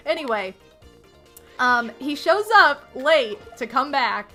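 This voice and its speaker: A young woman streamer vents to her chat in a high, bright voice. She swings from loud exasperated outbursts to quiet muttered asides. Faint music plays underneath. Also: slow. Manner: exasperated ranting, animated, swings loud and soft.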